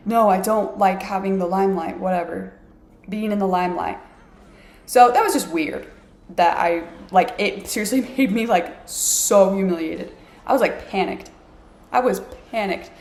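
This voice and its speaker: A woman chats to camera from her apartment, her voice gravelly with vocal fry. She rambles through a story in a self-mocking way, filling it with "like". The room around her is echoey. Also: mid-range voice, expressive, moderate pace, darkish tone. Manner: chatty, self-mocking, heavy use of "like". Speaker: vlogger.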